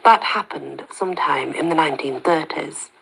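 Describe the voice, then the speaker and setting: A woman voicing a calm, protective young man with a deep rasp, talking low, quiet and steady. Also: moderate pace, full character voice, low-quality recording. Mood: explaining.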